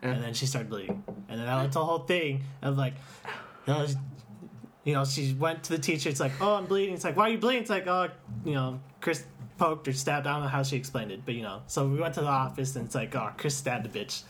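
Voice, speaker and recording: A young man co-hosting a casual chat, telling school stories quickly with lots of "like" and "you know.". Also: medium pitch, a bit bright, slight background noise. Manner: rapid storytelling full of "like" and "you know".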